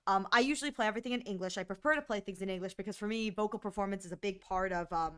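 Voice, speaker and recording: A woman's voice: mid-range voice, racing, a bit bright, clear, resonant tone. A woman streamer chatting casually on a livestream, rambling with lots of fillers and acting out her own reactions in quoted asides.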